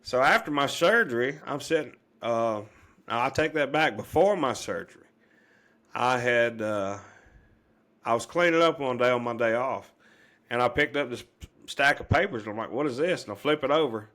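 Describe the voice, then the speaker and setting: A man's voice: mid-range voice, animated, normal speed, a bit bright. A middle-aged man, a podcast guest earnestly telling a long personal story, rambling with many fillers and restarts.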